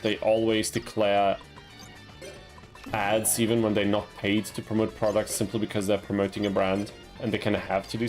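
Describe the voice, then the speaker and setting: A young man from Austria chatting casually while streaming a card game, laughing at himself and yelping at his mistakes. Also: fairly low pitch. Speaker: gaming streamer. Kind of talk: casual gameplay commentary with chat.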